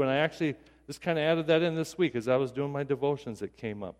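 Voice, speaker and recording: A man's voice: fairly high pitch, lively intonation, quick pace, hardly any pauses, a little mellow, big-room sound. A male pastor giving a sermon in a casual, conversational way, often restarting his sentences. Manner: conversational, self-deprecating, with repeated restarts.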